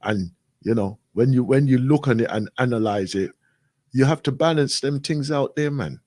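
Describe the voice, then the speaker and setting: A man's voice: medium pitch, moderate pace, darkish tone, no room sound. Man retelling conversations, dry close sound. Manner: retells conversations, acting out both sides; repetitive, frequent "right?" and "I goes". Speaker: radio show guest. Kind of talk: casual storytelling.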